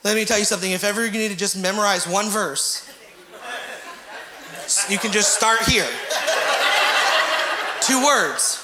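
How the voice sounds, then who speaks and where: A man preaching a sermon with passion, sometimes rising to shouts and retelling scripture in character voices. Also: high-pitched, a little slow, pauses often, echoey room, crowd noise.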